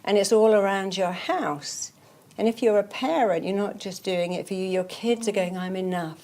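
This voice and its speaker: A woman's voice: mid-range voice, moderate pace, darkish tone. A woman therapist talking in an interview, emphatic and repetitive, telling stories and repeating affirmations. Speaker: therapist guest. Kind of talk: motivational interview talk.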